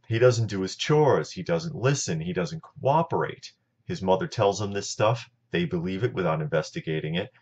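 A man hosting a talk show, plainly recounting events step by step. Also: sits low. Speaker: show host. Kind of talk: personal storytelling talk. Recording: dull lo-fi sound.

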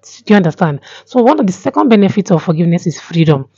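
An earnest young woman talks casually to her camera, circling back over her points and stopping for "um" now and then. Her voice sits a little low and sounds mellow. The recording is dry and slightly dull, as if made in a small room. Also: very animated, slightly rough, dry recording. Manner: earnest, repeats herself, many pauses with um. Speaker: vlogger.

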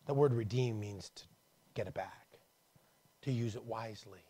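A man preaching a conversational sermon to his church, dropping low and quiet, then rising to emphatic calls. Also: normal speed. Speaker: pastor.

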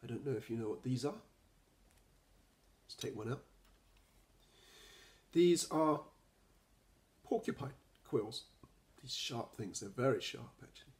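A middle-aged man, a children's author, reading his picture book aloud in an expressive storytelling manner. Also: medium pitch.

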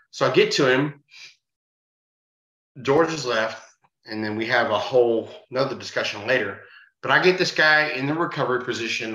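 A man's voice: medium pitch, bright, forceful tone. A man, a bouncer, telling a bar story in casual talk, swearing freely and acting out the voices of the people in it. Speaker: podcast guest, bar bouncer. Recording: roomy, dull-sounding.

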